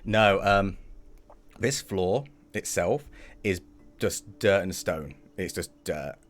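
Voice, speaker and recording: A man's voice: low-pitched, slow pace. A man narrating a tabletop game as game master in loose, chatty speech.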